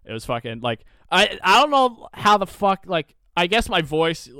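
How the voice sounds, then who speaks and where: Young guy podcast host, smooth clear voice, dry close mic, swears a lot and rambles through stories. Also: high voice, normal speed, no room sound. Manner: profane, rambling, animated storyteller. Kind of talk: casual chat, storytelling.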